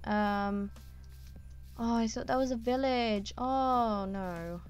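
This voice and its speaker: A woman giving casual gameplay commentary, chatty and excitable, with lots of ums and quick exclamations. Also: fairly high pitch, smooth, soft background music. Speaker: gaming YouTuber.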